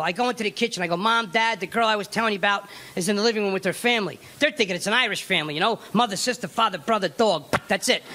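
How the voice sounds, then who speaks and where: A man doing a stand-up comedy set, telling stories and acting out characters. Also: high-pitched. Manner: animated storytelling, acts out characters. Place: comedy club stage. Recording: live club recording with crowd noise. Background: laughing audience.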